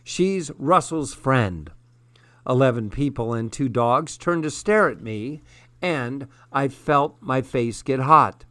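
A man narrating a first-person story in a measured, steady way. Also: mid-range voice, no room sound. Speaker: audiobook narrator.

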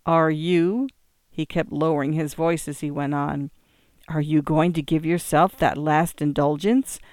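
A man's voice: a little high, steady tone, unhurried, no echo, studio quality. A man reading as a feverish, despairing young man. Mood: brooding. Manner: intense, rising theatrical delivery.

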